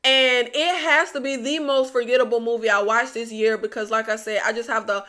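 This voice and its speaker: A woman's voice: a little high, steady tone, fairly quick, bright, forceful tone. A woman reviewing films in casual chat, blunt and exasperated, talking straight to her viewers. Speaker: movie reviewer.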